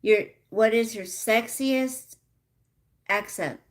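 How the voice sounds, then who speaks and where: A middle-aged woman hosts a relaxed live chat, answering her viewers one by one. She speaks at an unhurried pace, reading out their comments as they arrive. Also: a little high. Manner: chatty, reads out viewer comments. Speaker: livestream host.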